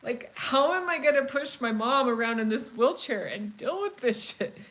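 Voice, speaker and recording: A woman hosting a cooking channel, chatting casually and telling a story in a frank, profane, animated way. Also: high-pitched, moderate pace, low-quality recording. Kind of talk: casual live chat storytelling.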